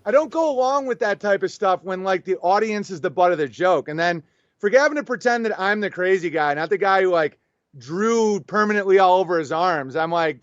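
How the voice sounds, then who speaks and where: High-ish guy guesting on a show, telling stories all animated, dry dull-sounding audio. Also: brisk, dry recording. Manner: animated, storytelling with quoted back-and-forth. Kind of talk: casual conversational interview.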